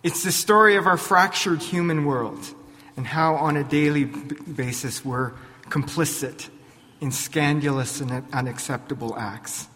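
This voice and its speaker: A man pastor preaching a sermon in a church, deliberate, posing rhetorical questions to his congregation. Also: on the high side, pushed and bright, long reverb tail.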